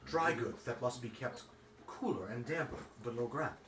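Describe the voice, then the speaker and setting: A man voicing a calm, evasive male baker who speaks in a low, hushed way. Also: normal speed, background noise, natural voice. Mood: smoothly evasive. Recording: echoey room, far from the mic.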